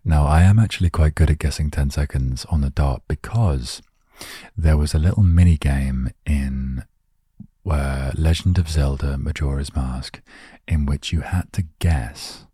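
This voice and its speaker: A man hosting a calm show from inside his van, talking softly into a close microphone in a gentle, meandering, self-mocking way. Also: a bass voice, unhurried, breathy edge, dry recording. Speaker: host of a relaxation word show. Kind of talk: soft, rambling relaxation talk. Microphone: studio microphone, close.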